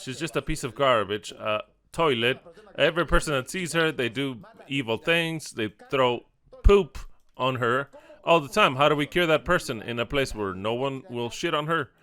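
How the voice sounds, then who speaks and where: Bright, crisp-voiced male preacher. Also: medium pitch, expressive, normal speed. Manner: conversational, acts out quoted speech with repeated lines. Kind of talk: informal sermon.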